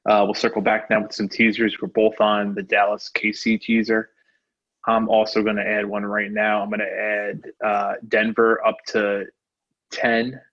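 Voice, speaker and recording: A man with a fairly low, flat voice talks through his sports betting picks in a subdued, monotone way. The audio sounds a bit dull and lo-fi, like a home podcast setup. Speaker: podcast co-host. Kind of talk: casual sports betting chat.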